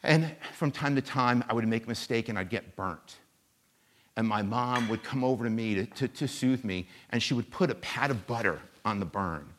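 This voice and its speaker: A man voicing a big, bald fire-and-brimstone revival preacher who speaks in a quiet, confiding voice while telling a story from his childhood. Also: mid-range voice, normal speed, slight background noise, lightly acted. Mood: hushed. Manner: hushed, confiding. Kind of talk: sermon storytelling.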